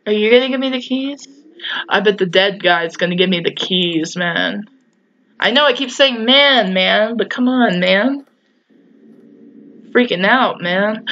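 Bright-voiced excitable woman gaming. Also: medium pitch, unhurried, long pauses, lo-fi sound, slight background noise. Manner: excitable, talks back to the game, swears and shrieks at scares. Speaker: gaming YouTuber. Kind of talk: let's play commentary.

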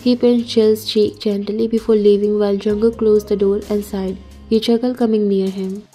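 Woman narrator, story read-aloud, steady, mellow. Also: mid-range voice, moderate pace, faint music behind.

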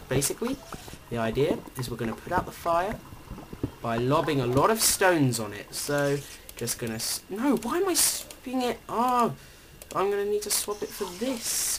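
Lively gamer guy talking to monsters. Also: mid-range voice, background noise. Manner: animated, pleads with and taunts the monsters, drops into whispers. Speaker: let's play gamer. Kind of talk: video game commentary.

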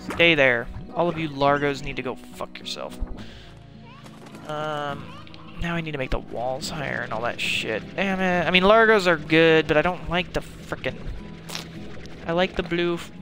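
A high-pitched man talks slowly through a live game stream, grumbling and swearing under his breath at what happens on screen. Loud game music plays behind his voice. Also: expressive. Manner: frustrated, swearing, muttering to himself; panicked, shouting. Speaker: gaming streamer. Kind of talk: live gameplay commentary.

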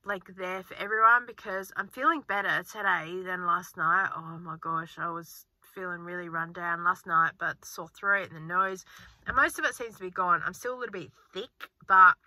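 A woman in her forties rambles cheerfully to her vlog viewers while sitting in her car, filming on a handheld phone. Her voice is very bright and sharp, and the sound is dry and close. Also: lowish voice, normal speed, no echo. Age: 40s. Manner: chatty, rambling, upbeat. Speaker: frugal-living vlogger. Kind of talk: casual chatty vlog. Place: inside a car.

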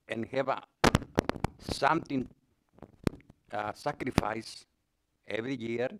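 Man, lay speaker, slow, broken English, halting Bible retelling, mid pitch. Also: noisy background. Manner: halting, with broken English grammar and many pauses. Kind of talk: retelling a Bible story to a group.

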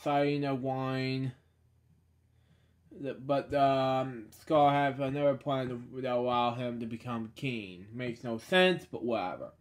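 A man reading a children's storybook aloud, stumbling over words and dropping sarcastic deadpan asides. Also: medium pitch, takes it slowly.

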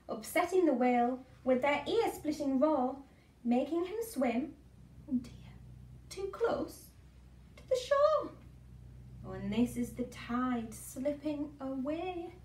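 Slow, sing-song woman reading a picture book. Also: fairly high pitch, darkish tone, far from the mic. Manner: sing-song, with playful asides. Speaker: children's storyteller. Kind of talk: reading a picture book aloud to small children. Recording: echoey room, away from mic.

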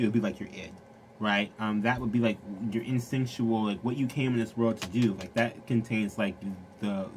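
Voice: mid-range voice, darkish tone, slight background noise. A tarot reader giving a casual reading straight to the viewer, rambling, full of "like" and "you know". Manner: rambling, filler-heavy talk; frank and direct toward the viewer.

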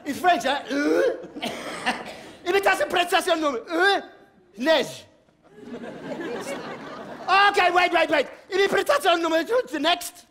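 Manic stage clown, male, shrill and shouty, slow stammering delivery with broken French. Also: animated, a faint crowd. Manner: frantic, shouting, stammering, cackling; mixes broken French into English. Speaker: stand-up comedian. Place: theater stage before a live audience. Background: audience laughter.

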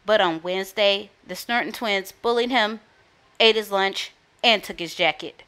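A woman storyteller reading a children's book aloud in a lively, expressive way. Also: medium pitch, unhurried, clean tone.

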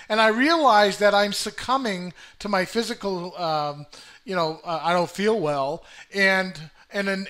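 An older man hosting a casual motivational video to camera, full of fillers and repeated words, swinging between peppy and deliberately flat. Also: high voice. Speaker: self-help video host.

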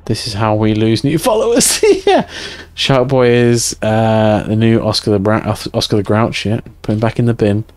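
A man's voice: on the low side, animated, moderate pace, few pauses, a little mellow, dry recording, faint music behind. A man streaming a video game live, chatting and joking with viewers and swearing often. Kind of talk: casual live-stream chat while playing.

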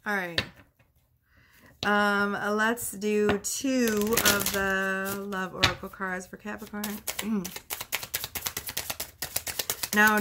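A woman's voice: medium pitch, noisy background. A woman reading tarot cards in a casual vlog, chatty and laughing often, swearing freely, a bit out of breath. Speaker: tarot reader. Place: at home.

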